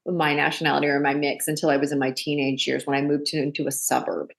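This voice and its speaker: Brief: low, gravelly woman, guest actor, lively storyteller. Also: fast talker. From Canada. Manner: chatty, animated storytelling with quoted voices. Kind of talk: casual interview.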